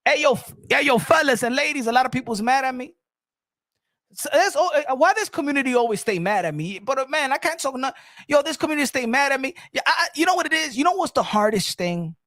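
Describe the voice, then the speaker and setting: A man hosting his own boxing channel, telling stories in a rambling, animated casual chat full of restarts. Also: very high voice, fast talker.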